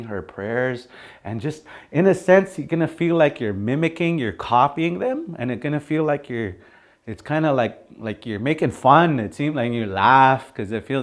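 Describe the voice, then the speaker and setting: A man teaching a language class in a casual, chatty way, laughing often and acting out how phrases should sound. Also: medium pitch.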